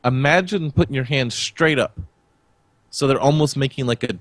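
A man's voice: medium pitch, normal speed, no room sound. A man co-hosting a podcast in casual chat, telling stories with lots of swearing and acted-out quotes. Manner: animated storyteller, swears freely, acts out quotes. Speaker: podcast co-host.

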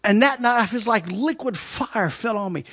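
A male preacher tells a long story to his congregation. His voice sits high and bright and swings widely as he acts out screams and laughter. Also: expressive, moderate pace. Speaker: traveling preacher. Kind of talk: sermon storytelling.

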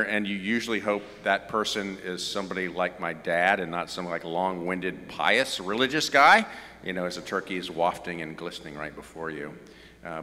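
A man's voice: lowish voice, bright, forceful tone, in a large hall. A middle-aged man with a Southern US accent, preaching a conversational sermon with joking asides. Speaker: pastor.

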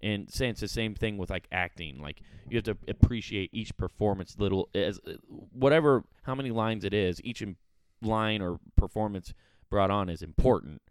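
A man's voice: fairly low pitch, normal speed, smooth, no echo. A young man hosting a casual podcast chat, ranting profanely with lots of filler words. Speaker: podcast host. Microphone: studio mic.

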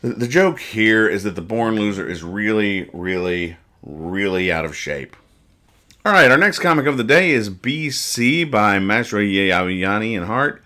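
Low, bright-voiced male podcast host. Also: animated, a little slow. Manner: joking, rambling, explains the jokes. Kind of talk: casual chat reading comic strips aloud.

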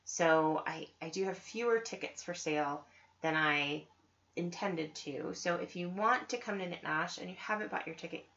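Woman, podcast host, casual chat, enthusiastic, lower voice, muffled recording. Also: normal speed, fairly bright tone. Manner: chatty, enthusiastic, many ums and asides. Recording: slightly dull lo-fi audio.

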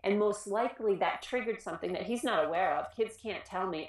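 A woman who works with children in schools, giving an informal talk on trauma, earnest and animated, often restarting her sentences. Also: mid-range voice, moderate pace, hardly any pauses, echoey room. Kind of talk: informal educational presentation.

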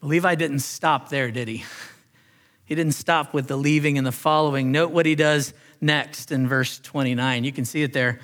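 A male pastor preaching a sermon, earnest, rising on key phrases and dropping softly for emphasis. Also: mid-range voice, fairly even intonation, moderate pace. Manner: earnest preaching, swells then drops to soft emphasis.

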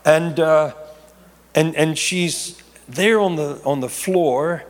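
A man's voice: fairly high pitch, animated, unhurried. A middle-aged man, a pastor, telling a long testimony in a sermon, rambling, correcting himself and laughing at his own asides. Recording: long hall reverb.

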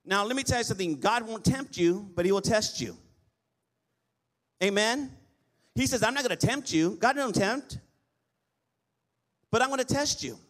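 A male pastor preaching a lively sermon, often asking the congregation for an amen. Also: sits high, moderate pace, pauses often. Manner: lively preaching with call-and-response amens.

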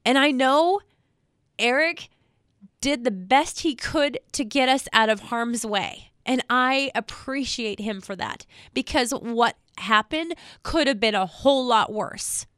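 A woman in public safety speaking straight to viewers, emotional and near tears, earnest and halting, repeating words as she talks. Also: fairly high pitch, fairly bright tone, smooth, no room sound, clean studio sound. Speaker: state trooper spokesperson. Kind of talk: emotional direct-to-camera talk.

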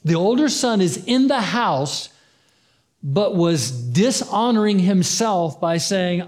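A pastor delivering a sermon in a conversational way, acting out the story's dialogue and repeating phrases for emphasis. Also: male voice, high-pitched, very animated, slow pace.

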